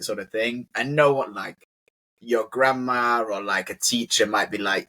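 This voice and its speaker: British guy teaching slang, chatty, says like a lot, kinda low voice. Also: fairly even intonation, moderate pace, sharp tone. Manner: chatty, lots of "like" fillers. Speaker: English teacher. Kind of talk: casual conversational lesson.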